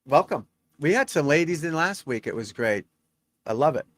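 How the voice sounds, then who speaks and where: A man's voice: on the high side, expressive, normal speed, fairly bright tone. A middle-aged man, a golf instructor, chatting on a live stream, reading out scores and talking to viewers in a rambling, talkative way.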